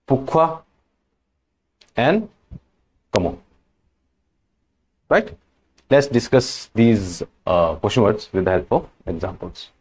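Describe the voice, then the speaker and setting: A man teaching French question words in a slow, patient lesson, repeating each word and example. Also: on the low side, lively intonation, a little mellow. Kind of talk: language lesson.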